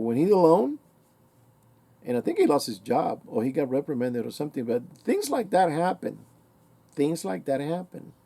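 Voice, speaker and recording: A man's voice: mid-range voice, dark tone. A middle-aged man giving a rambling, conversational opinion monologue, acting out bits of remembered exchanges.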